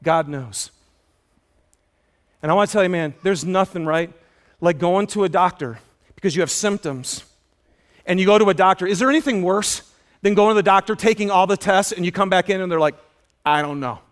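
A man preaching a sermon in an auditorium, telling stories with lively acted-out dialogue. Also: fast. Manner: animated storytelling, acts out dialogue with loud high shouts. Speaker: pastor.

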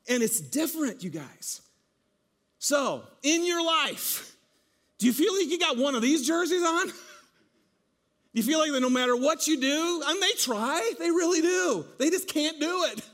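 A man preaching a sermon to a congregation, telling stories in an animated, joking way. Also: extremely high pitch, unhurried. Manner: animated, jokey storytelling with laughs. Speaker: pastor.

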